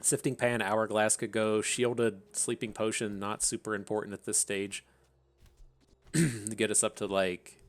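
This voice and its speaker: A man's voice: fairly low pitch, little pitch movement, measured pace. A man hosting his gaming channel, thinking aloud in chatty, casual commentary and laughing at his own tangents.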